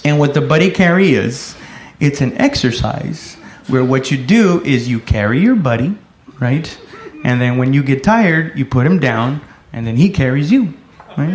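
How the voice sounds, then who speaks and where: High-voiced man doing rowdy stand-up. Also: echoey room. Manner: rowdy storytelling with loud shouted voices. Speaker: stand-up comedian. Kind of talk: stand-up comedy set.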